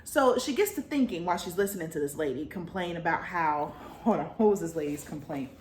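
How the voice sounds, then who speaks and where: A woman's voice: lowish voice, expressive, fairly quick, roomy sound, a little hiss or hum. A woman vlogger recapping a book in a chatty, slangy way, full of fillers.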